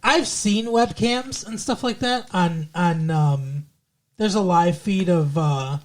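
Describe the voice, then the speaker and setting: A man's voice: high-pitched, slow pace. Profane, rambling male podcast co-host. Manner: loose, profane, digressive. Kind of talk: casual recap chat.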